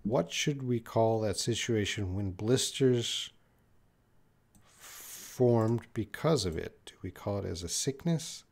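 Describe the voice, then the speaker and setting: A man's voice: on the low side, lively intonation, vocal fry, darkish tone, slight background noise. A man teaching English in a live question-and-answer stream, reading viewer questions aloud and answering them patiently. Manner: slow, patient, reads viewer questions aloud then explains.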